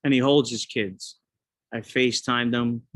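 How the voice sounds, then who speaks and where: A man's voice: medium pitch, fairly even intonation, unhurried, a bit bright, no echo. A man hosting a casual outdoor conversation, talking in an earnest, admiring way. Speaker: host.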